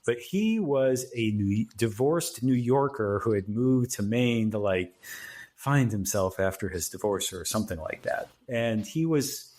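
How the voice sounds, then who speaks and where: A man's voice: on the low side, lively intonation, unhurried, a little mellow. Chatty man sharing TV trivia. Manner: chatty, recounting trivia with quoted lines. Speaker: podcast co-host. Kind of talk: casual chat about old TV.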